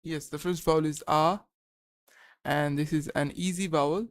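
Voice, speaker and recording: A young man on a live study stream, thinking aloud and slowly sounding out syllables, pausing to check himself. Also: a little high, fairly even intonation, no room sound, studio quality. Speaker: language learner streaming study session.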